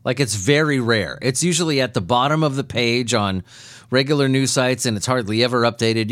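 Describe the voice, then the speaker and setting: A man's voice: mid-range voice, no room sound, studio quality. A man hosting a comedy news podcast, reading odd stories and ranting with lots of swearing and laughter. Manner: profane, laughing, animated ranting. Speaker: podcast host. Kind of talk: casual comedic news commentary.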